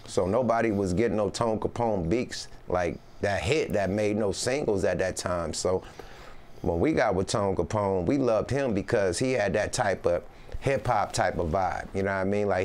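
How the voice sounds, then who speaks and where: Low deep dude from northern california, loose rambling talk, keeps saying you know what i mean. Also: male voice, moderate pace, a little mellow. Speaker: rapper guest. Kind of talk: casual interview chat.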